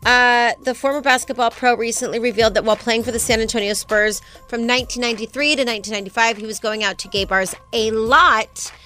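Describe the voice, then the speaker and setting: A woman co-hosting a casual chat show, expressive with quick reactions. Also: fairly high pitch, faint music behind. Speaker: co-host.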